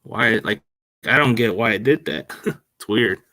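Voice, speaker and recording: A man's voice: lowish voice, a little slow, pushed and bright, no echo. A man hosting a sports podcast on a laptop mic, chatting casually and rambling in slang. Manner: rambling, slangy, addresses listeners as man and dude. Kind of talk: casual chat. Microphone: laptop microphone.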